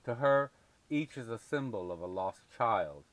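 A man's voice: mid-range voice, lively intonation, measured pace, dry recording. A man in a casual film discussion, talking with many fillers and restarts. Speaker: film reviewer.

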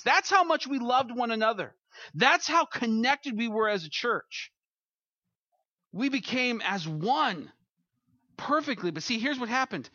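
A male pastor with a high, bright voice delivers a casual, story-driven sermon and slips into playful quoted voices. The sound is dry and close, a little dull in the highs. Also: lively intonation, moderate pace, no echo. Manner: conversational preaching, acts out quotes.

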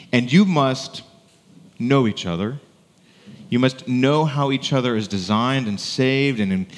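A man preaches in a relaxed, conversational manner, often pausing to check in with his congregation. His voice sits at an ordinary mid pitch. The sound carries a long reverb, as in a spacious church sanctuary. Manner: conversational preaching, frequent "right?" asides. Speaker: pastor. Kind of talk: sermon.

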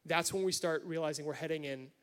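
A man's voice: fairly high pitch, quick pace, fairly bright tone. A man giving a sermon-style talk about marriage, earnest and explaining with everyday examples. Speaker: married speaker at church.

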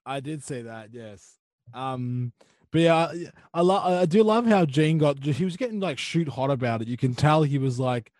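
A man's voice: mid-range voice, expressive, moderate pace, a little mellow, no room sound. A man co-hosting a podcast, chatting casually in a playful, giggly way. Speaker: podcast co-host. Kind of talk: casual chat.

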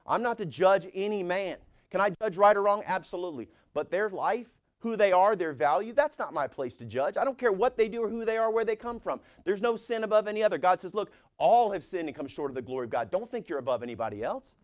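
Middle-aged male pastor with a slightly high voice, preaching with animated force. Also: fast, few pauses. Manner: animated preaching, reads scripture aloud with rising force. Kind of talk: sermon.

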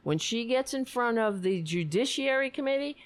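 A woman's voice: on the high side, lively intonation, moderate pace. A woman hosting her own political talk show, ranting with sarcasm and indignation, swearing and laughing between points. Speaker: political commentary host. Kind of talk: casual political rant.

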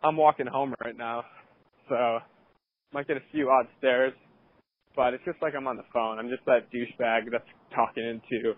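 A man's voice: mid-range voice, fairly even intonation, normal speed, no room sound, phone-quality sound. Laid-back man talking while walking. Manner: laid-back, hesitant, many fillers. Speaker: podcast co-host. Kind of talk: casual podcast chat. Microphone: headphone mic.

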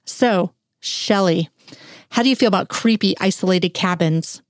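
A woman's voice: mid-range voice, measured pace, no room sound, clean studio sound, lightly acted. A woman reading an audiobook, voicing a cocky, slick young man with a pushy, sarcastic manner. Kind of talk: audiobook character voice.

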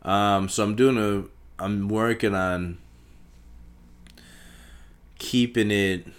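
A young man hosting a solo podcast, rambling and swearing casually, talking in circles and breaking into loud shouts. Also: on the low side, steady tone, slow pace, clean tone. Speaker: podcast host.

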